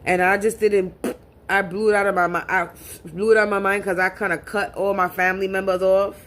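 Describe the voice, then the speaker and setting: A woman's voice: mid-range voice, level tone, brisk, a bit bright. A woman speaking to camera in a casual monologue as a spiritual reader, talking bluntly and profanely and often repeating words as she restarts.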